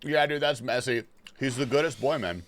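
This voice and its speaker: A man's voice: medium pitch, normal speed, a little hiss or hum. A young man chatting casually and profanely on a gaming livestream, answering his chat. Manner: laid-back, slangy and profane, reading and answering chat.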